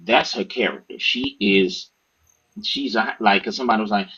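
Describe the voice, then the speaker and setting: A man, an author and podcast guest, telling stories in a casual, profane, animated way and acting out what others said. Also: on the low side, normal speed, slightly rough, dull audio. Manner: animated, profane, acts out quoted speech. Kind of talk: casual storytelling interview.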